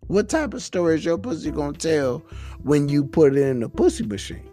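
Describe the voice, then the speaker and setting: A man's voice: on the high side, very animated, brisk, mellow, faint music behind. A man hosting a casual, rambling monologue, a little intoxicated, talking in a profane, laid-back way. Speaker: podcast host.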